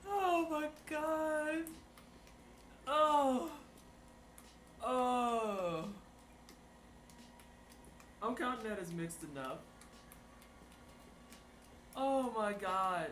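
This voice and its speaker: Giggly woman streamer, lively voice. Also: fairly high pitch, extremely slow, long pauses, slight background noise. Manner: giggly, exclaiming, teasing chat. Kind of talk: casual livestream chat while baking.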